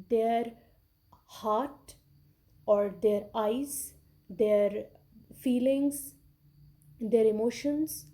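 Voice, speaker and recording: A woman's voice: on the high side, warm tone. A woman giving a recorded English literature lecture, who explains patiently, repeats key words and often checks in with "okay".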